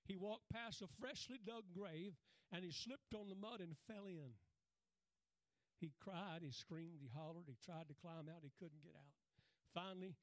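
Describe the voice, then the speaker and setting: A man's voice: on the high side, no room sound. A man preaching a sermon in a folksy way, telling stories and often breaking off to say "Amen" and "Praise God" with a chuckle.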